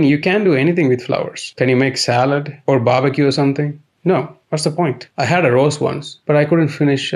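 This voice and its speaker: A man talks in a dry, deadpan way. His comic monologue is sardonic and matter-of-fact. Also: mid-range voice. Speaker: comedy series narrator.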